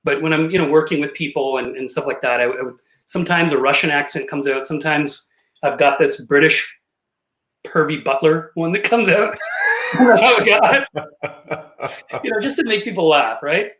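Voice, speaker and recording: A man's voice: a little high, a little fast, a bit bright. A man of around fifty, a podcast guest, telling jokey stories with plenty of laughs over a video call. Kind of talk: casual podcast chat. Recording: roomy echoey call audio.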